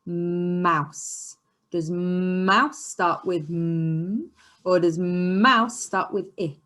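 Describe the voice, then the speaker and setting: A woman teaching a phonics lesson to young children in an encouraging, sing-song way, sometimes dropping to a soft whisper. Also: on the low side. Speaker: early years teacher. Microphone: camera she sets up herself.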